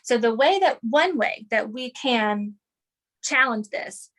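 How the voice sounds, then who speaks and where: A woman explaining an idea in an interview, animated and teacherly, often checking in with "right?" and "okay". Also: a little high, slow.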